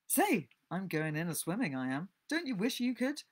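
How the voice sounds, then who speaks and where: A woman voicing a brash, teasing boy who shouts steamboat orders and mocks his friend. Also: mid-range voice, very animated, normal speed. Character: cocky boy playing a steamboat.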